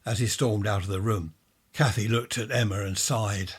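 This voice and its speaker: Husky-voiced male storyteller. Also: on the low side, steady tone, normal speed. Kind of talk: storybook narration.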